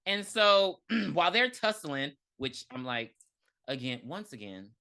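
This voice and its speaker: A woman with a somewhat low, bright voice co-hosts a casual podcast. She recaps the story in animated, slangy chat. She keeps breaking into other people's lines and laughing as she goes. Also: measured pace. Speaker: podcast co-host.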